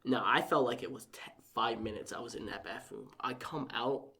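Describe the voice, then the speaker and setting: A young man appearing as a podcast guest tells a personal story in casual conversation, animated and acting out quotes while saying "like" a lot. His voice is medium-pitched and his speed normal.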